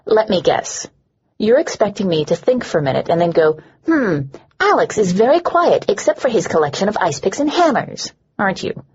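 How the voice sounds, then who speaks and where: A woman narrator voicing a bitter, sharp-tongued young woman who sneers at everyone. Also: mid-range voice, sing-song, normal speed, slightly rough, highs cut off. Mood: scornful. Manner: sneering, scornful.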